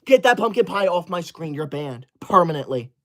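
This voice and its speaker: A man's voice: on the high side, very animated, normal speed, a bit bright, a little hiss or hum. A man in his twenties hosting a livestream, reading chat comments and scolding viewers like a strict teacher. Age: 20s. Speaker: livestream host.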